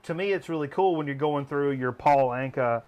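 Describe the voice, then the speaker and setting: A man's voice: a little high, moderate pace, darkish tone. Rambling man hosting a vinyl chat. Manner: rambling, lots of ums and restarts. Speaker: host. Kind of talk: casual chat.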